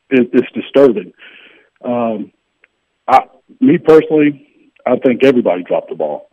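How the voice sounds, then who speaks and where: Earnest male caller on a dull line. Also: fairly low pitch. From North Carolina. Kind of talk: radio call-in comment.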